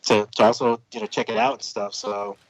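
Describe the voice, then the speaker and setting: Relaxed male guest with a lowish voice, rambling, easygoing comic-creator chat. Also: brisk, low-quality recording. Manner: laid-back, rambling, many fillers and restarts. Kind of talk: casual chat.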